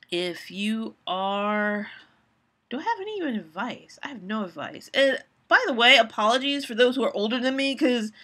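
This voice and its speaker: A woman's voice: mid-range voice, bright, forceful tone. A woman in her forties, talking candidly and rambling with frequent restarts as she hosts her own live stream. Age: 40s.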